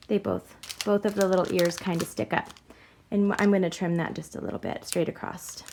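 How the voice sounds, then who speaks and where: A woman's voice: medium pitch, a bit bright, slight background noise. A woman hosting a crafting tutorial, talking chattily through each step in a bubbly way and giggling at herself. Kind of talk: casual step-by-step demonstration.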